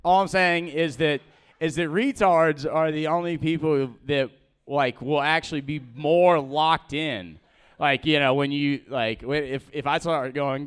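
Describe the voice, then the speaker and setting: Rambling young stand-up guy, smooth voice. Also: on the high side, steady tone. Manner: rambling, halting, many restarts and fillers; laughs at his own jokes. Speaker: stand-up comedian. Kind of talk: open-mic stand-up set.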